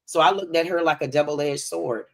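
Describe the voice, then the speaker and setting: A woman's voice: deep voice, normal speed, gravelly. A woman on a livestream panel speaking candidly and reflectively about her opinion. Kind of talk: casual panel discussion.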